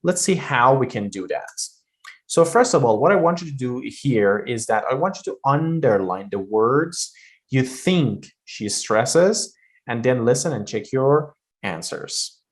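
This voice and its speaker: A man's voice: mid-range voice, expressive, measured pace. A man teaching English pronunciation, explaining intonation in loose everyday talk with many fillers and spoken examples.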